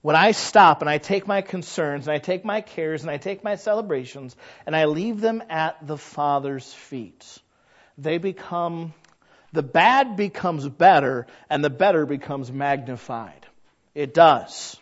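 A pastor delivers a chatty sermon in a folksy, conversational way, acting out the voices he quotes. His voice is high-pitched at a moderate pace, on a dull lo-fi recording.

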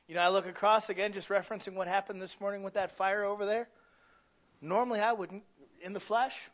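Male pastor, high voice, conversational sermon delivery, muffled lo-fi recording. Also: fast, a bit bright. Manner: conversational preaching, asks the congregation questions, acts out little quoted voices.

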